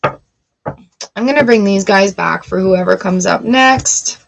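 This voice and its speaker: A woman giving a live-streamed tarot reading, chatty and encouraging, slipping into quick little inner voices to make her points. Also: mid-range voice, vocal fry, poor audio. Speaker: tarot reader.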